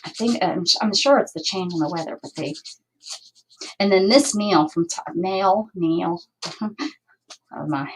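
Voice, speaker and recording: A woman's voice: medium pitch, moderate pace, pauses often, slight background noise, rough recording. A woman hosting a crafting livestream, chatting casually and thinking aloud as she works. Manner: chatty, thinking aloud while working, with asides and laughs.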